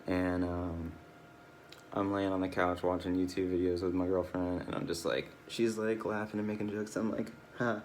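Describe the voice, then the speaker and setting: A man's voice: sits low, little pitch movement, normal speed, darkish tone, slight background noise. A tired, drowsy man rambling through a casual personal video log, swearing often and losing his train of thought. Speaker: video diarist.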